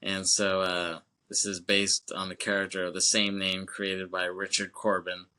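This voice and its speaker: His voice is low, smooth, and sharp in tone, delivered in a monotone and a little slowly. As a podcast co-host, he loosely recaps a film's plot, rambling with fillers and acted-out quotes, swearing and laughing often.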